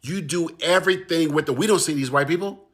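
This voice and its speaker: A commentator delivers an impassioned monologue straight to camera in a slightly high, slightly fast, husky voice. He presses his points forcefully, repeating himself and building emphasis.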